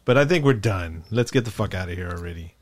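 A man hosting a podcast, chatting in an animated, rambling way. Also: sits low, fast. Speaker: podcast host. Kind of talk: casual chat.

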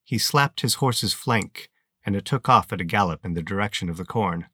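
A man narrating an audiobook in a steady, measured storytelling manner on a close mic. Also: fairly low pitch, husky, no echo.

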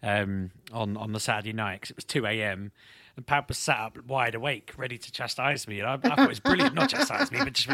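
A man chatting casually with friends, his voice bright and forward. He tells anecdotes and laughs often. The sound is close and dry. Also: medium pitch, animated, brisk, dry recording. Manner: laughing, storytelling, teasing. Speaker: podcast co-host. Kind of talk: casual chat among friends.

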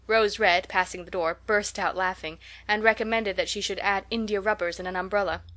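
A woman narrating an old children's book with a steady, gentle storytelling pace. Her voice sits in a middle register, neither high nor low, and she reads with calm clarity. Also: brisk. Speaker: audiobook reader. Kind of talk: scripted narration.

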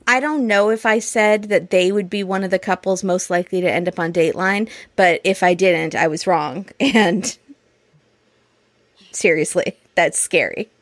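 A woman co-hosting a podcast, chatting casually and tossing in quick reactions and jokes. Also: lowish voice, no room sound. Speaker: podcast co-host. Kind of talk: casual chat.

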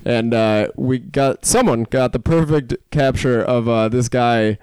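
A man telling animated, profane stories on a casual comedy podcast, laughing often and filling his talk with "like". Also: mid-range voice, measured pace, clear, resonant tone, no room sound, studio quality. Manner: animated, profane, laughing storyteller with many "like" fillers. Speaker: guest comedian.

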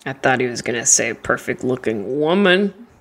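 A young adult woman doing a stand-up comedy set, chatty and self-deprecating, who rambles and jumps into high, squeaky voices for imagined friends. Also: animated, normal speed.

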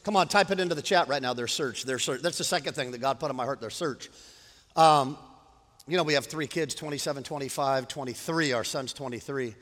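Middle-aged male pastor; animated sermon delivery, bright high voice, echoing hall. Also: brisk. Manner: animated, swinging from quiet storytelling to loud preaching.

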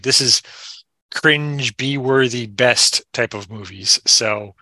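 Bright-voiced man chatting about a film. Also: mid-range voice, no room sound. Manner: rambling, amused, trailing off. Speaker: podcast guest. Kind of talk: casual film discussion.

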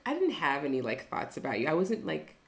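A woman's voice: deep voice, huge pitch swings, a little fast. A young woman co-hosting a podcast in a casual chat, rambling with many fillers and frequent laughs. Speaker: podcast co-host.

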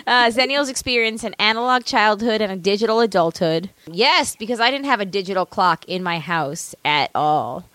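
A woman's voice: mid-range voice, normal speed, hardly any pauses, a bit bright, no room sound. A woman in her thirties co-hosting a podcast, reading an article aloud in casual chat and laughing often with jokey asides. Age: 30s. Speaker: podcast co-host.

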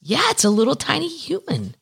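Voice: high-pitched, wildly swooping pitch, a little fast, vocal fry, fairly bright tone, breathy edge. A podcast host chatting casually and candidly with frequent swearing, reading news items aloud and adding asides. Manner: candid, profane, rambling. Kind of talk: casual chat.

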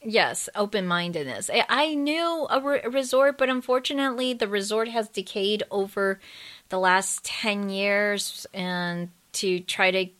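A woman's voice: mid-range voice, measured pace, a bit bright. A woman co-hosting a podcast, talking in an upbeat, emphatic way. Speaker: podcast co-host. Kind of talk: casual podcast chat.

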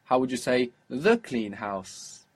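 A man's voice: medium pitch, big pitch swings, slow pace, breathy edge. A man teaching a spoken Arabic lesson, explaining patiently and prompting his student with questions.

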